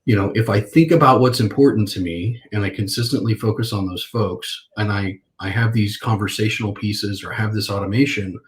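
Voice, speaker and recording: A middle-aged man with a low voice talks as an interview guest. He tells his stories with energy, jumping into other people's voices to act out old phone calls. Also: a little fast, hardly any pauses. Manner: animated storyteller acting out phone calls.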